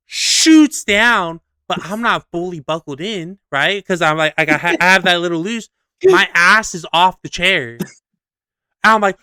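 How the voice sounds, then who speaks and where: A young man co-hosting a podcast, telling a story in a lively, casual way, swearing freely and acting out scenes. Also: high voice, normal speed, smooth, no echo. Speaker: podcast co-host.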